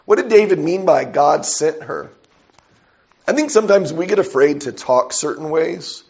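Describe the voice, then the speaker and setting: A man's voice: fairly high pitch, vocal fry, a little mellow. A man preaching a sermon, reading scripture aloud and putting questions to his listeners. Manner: asks the audience questions and reads scripture aloud. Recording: dull lo-fi recording.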